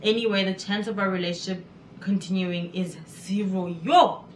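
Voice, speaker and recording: A woman hosting a casual music video reaction, chatty and excitable, exclaiming often. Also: mid-range voice, normal speed, slight background noise. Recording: echoey room with music behind.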